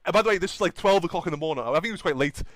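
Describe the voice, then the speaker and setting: Excitable young-sounding man spinning a wild anecdote, high voice, keeps tagging lines with bro. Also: very fast, no room sound. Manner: excitable, repeats filler tags like bro and you understand. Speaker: storyteller in a played clip. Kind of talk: animated anecdote telling.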